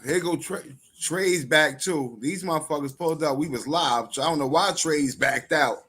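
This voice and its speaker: A man hosting a live stream show, talking in loud, joking, profane banter full of slang. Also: on the high side, moderate pace, husky.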